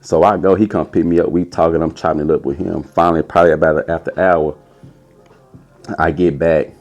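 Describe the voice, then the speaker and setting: A young man telling a casual, animated story as a podcast host, putting on a high voice for quotes. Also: brisk.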